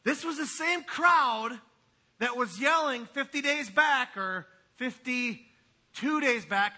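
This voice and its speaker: A man preaching a sermon in a church, swinging from quiet asides to loud, emphatic passages. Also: very high-pitched, slow pace. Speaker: pastor. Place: church sanctuary.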